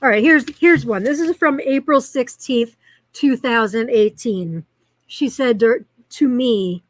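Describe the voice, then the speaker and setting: A woman's voice: fairly high pitch, unhurried, no echo, poor audio. A woman hosting a live-streamed show, chatting casually in a rambling way and reacting to viewer comments as she reads them aloud.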